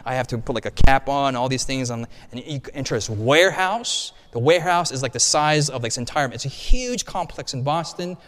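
A male pastor preaching a storytelling sermon, animated and conversational, with frequent restarts and asides. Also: medium pitch, brisk, few pauses. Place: church hall. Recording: long hall reverb.

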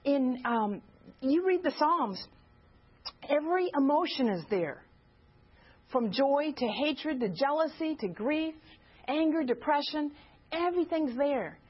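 A woman's voice: sits high, lively intonation, unhurried, pauses often, lo-fi sound. A woman giving an informal teaching talk at a church gathering, earnestly asking the listeners direct questions.

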